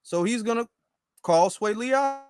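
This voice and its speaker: A man's voice: extremely high pitch, normal speed, darkish tone. A man hosting a political commentary show, reacting emphatically to posts and clips and repeating his points straight to the viewers. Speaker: commentary channel host.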